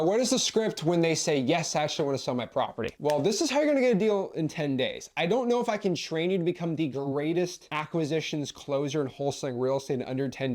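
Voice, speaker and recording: A young man coaching beginners on real estate wholesaling in a brash, boastful, quick-talking salesman manner. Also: on the high side, darkish tone. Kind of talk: energetic teaching monologue.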